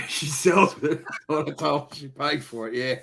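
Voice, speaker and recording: Heard through a video call with slight background noise, this middle-aged host from Victoria, Australia, has a slightly high, pushed, bright voice with some vocal fry. Running a relaxed live stream, he spins stories, wanders off topic, and laughs a lot.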